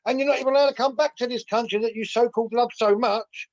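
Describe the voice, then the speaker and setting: A man hosting a heated online debate, brash and rambling. His voice is high for a man, and the audio is dull and lo-fi. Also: steady tone, fast talker, a crowd in the background. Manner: brash, rambling, laughs at his own jabs. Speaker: host.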